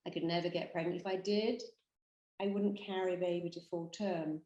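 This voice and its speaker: A woman with a British accent, a therapist giving an emphatic, animated motivational talk straight to the camera. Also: fairly low pitch, a little fast, roomy sound, lo-fi sound. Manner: emphatic, animated storytelling with acted quotes. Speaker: therapist and hypnotherapist.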